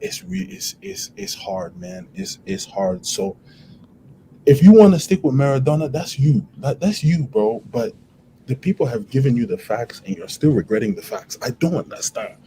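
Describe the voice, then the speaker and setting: A man's voice: medium pitch, sing-song, normal speed, mellow, slight background noise, poor audio. A man on a casual football panel, talking emphatically and repeating phrases. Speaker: panel guest.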